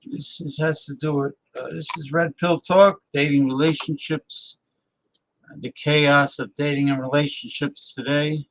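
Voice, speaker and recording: A man's voice: a little high, fairly even intonation, measured pace, slight background noise, low-quality recording. A man hosting a show, casually commenting on video clips in a rambling way and laughing at his own jokes. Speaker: show host reacting to videos.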